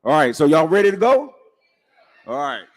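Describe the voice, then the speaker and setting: A man's voice: fairly high pitch, sing-song, moderate pace. A man giving a young crowd casual, upbeat march instructions. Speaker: event organizer. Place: large church hall. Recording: echoey church hall.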